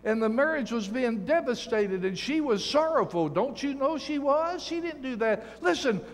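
A man's voice: very high voice, lively intonation, moderate pace. A man in his sixties, a guest preacher giving an emphatic, folksy sermon full of stories and jokes in a church sanctuary. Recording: long church reverb.

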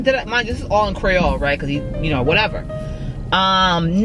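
A woman in her thirties telling a dating story to her viewers in a casual, animated way, often calling out to them as y'all. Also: medium pitch, moderate pace, music in the background, low-quality recording. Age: 30s. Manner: animated, exclaiming, mimics others, addresses viewers as y'all. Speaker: vlogger. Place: home kitchen.

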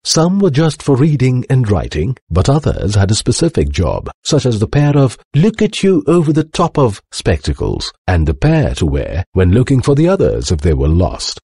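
A man reading a children's storybook aloud with animated, expressive narration. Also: medium pitch, moderate pace, few pauses, husky, no echo, clean studio sound. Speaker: storybook reader.

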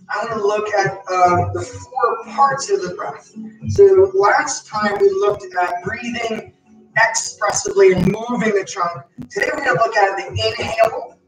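A man teaching gentle chair yoga, guiding relaxation and breathing with calm, slow cues. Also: sits high. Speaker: yoga instructor. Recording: echoey room, mic at a distance, guitar music.

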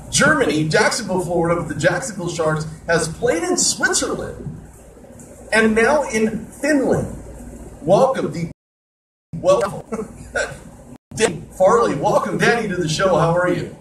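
A man hosting a sports talk radio show, rambling in an animated way between topics. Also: high voice, a little slow, pauses often, echoey room, far from the mic, background noise. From Southern California. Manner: rambling, animated host patter.

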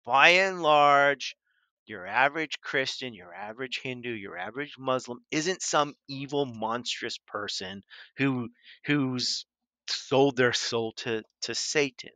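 A man's voice: mid-range voice, slow pace, sharp tone, no room sound. A man hosting a commentary video, rambling in a casual, sarcastic way. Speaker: video host.

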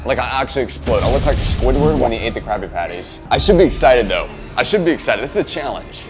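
A man's voice: mid-range voice, quick pace. A man in his twenties vlogging from a restaurant, joking and nervous as he talks through a food challenge. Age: 20s. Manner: jokey, nervous, animated. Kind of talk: excitable vlog chatter. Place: restaurant, indoors. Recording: music bed behind voice.

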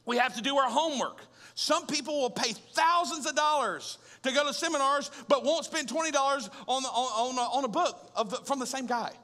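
A man preaching a sermon as pastor, conversational and animated, with rhetorical questions and humor. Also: very high voice, a little fast, hardly any pauses. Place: large church auditorium. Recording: long hall reverb.

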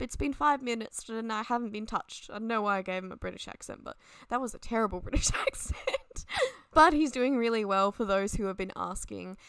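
A young woman rambles casually over a game speed build at her desk at home, laughing often as she goes. Her voice is smooth and clear. The recording is dry and close. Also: mid-range voice, fairly bright tone, dry recording. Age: young adult. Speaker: Sims 4 builder and YouTuber.

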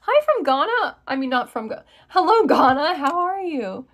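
A woman's voice: high voice, sing-song, normal speed, fairly bright tone. A young woman from the United States hosting a casual livestream, bubbly and answering viewer comments as she reads them aloud. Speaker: livestream host.

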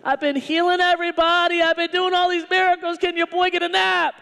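A man's voice: very high voice, level tone, a little fast, vocal fry, bright, forceful tone, big-room sound, pitched above the performer's own voice, full character voice. A man voicing Jesus as an annoyed, sleepy figure who talks in casual slang.

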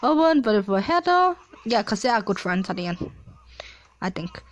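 A young woman chatting casually as she reads out results from a simulation game, with frequent excited exclamations. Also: medium pitch, normal speed. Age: young adult. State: coughing at times. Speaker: player reading a simulator. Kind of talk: casual play-along commentary.

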